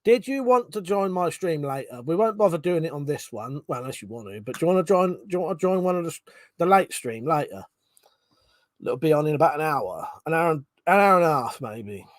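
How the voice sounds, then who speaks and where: Guy running a late night stream, bit high voice, chatty and sweary, dead dry sound. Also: expressive, fairly quick, dry recording. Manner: chatty, swears casually, reads chat aloud. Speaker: live streamer host. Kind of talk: casual live-stream chat. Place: home room.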